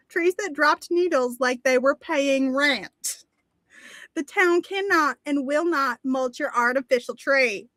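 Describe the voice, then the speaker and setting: A woman voicing a small-town Southern woman reading local news in a slow, deadpan, mock-serious put-on Southern accent. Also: sits high, no echo, exaggerated voice.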